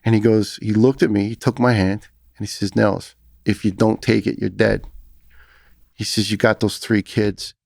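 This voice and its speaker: A man's voice: on the low side, flat delivery, normal speed, gravelly, darkish tone, no room sound, studio quality. A middle-aged man with a New York accent, a former firefighter telling his story as a podcast guest, talking intensely and earnestly with frequent restarts. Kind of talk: conversational storytelling.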